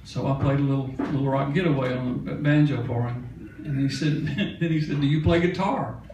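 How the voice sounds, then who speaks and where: A man's voice: medium pitch, normal speed, muffled recording, noisy background. An older man tells a folksy, rambling story from a concert stage, with a laugh slipping in here and there. His voice reaches the mic from a little way off and rings around a roomy hall, with faint crowd ambience behind. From Mississippi. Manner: folksy, chatty, laughing now and then. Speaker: musician telling a story on stage. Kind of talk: onstage storytelling. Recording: echoey concert hall from a distance.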